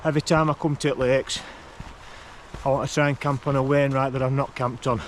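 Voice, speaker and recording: Walking uphill on an outdoor forest track, a male hiking vlogger chats breathlessly for his vlog. His mid-range voice barely moves in pitch, he rambles at an unhurried pace, and there's slight background noise.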